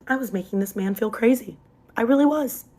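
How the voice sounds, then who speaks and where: A woman's voice: on the high side, brisk, warm tone. A young woman telling a dramatic personal story in a chatty, casual storytime style, leaning hard on emphasis.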